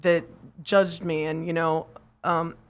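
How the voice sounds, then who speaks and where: Animated woman telling a story, lower voice. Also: slow, smooth. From United States. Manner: animated storyteller, acts out quotes, swears, laughs often. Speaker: podcast guest, machinist. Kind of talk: casual storytelling interview.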